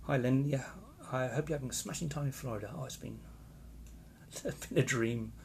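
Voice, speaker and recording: Gravelly man chatting live. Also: medium pitch, moderate pace, slight background noise. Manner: chatty, opinionated, greets viewers by name. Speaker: host of a live stream. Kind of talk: casual live-stream chat reading viewer comments. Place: holiday location in Florida.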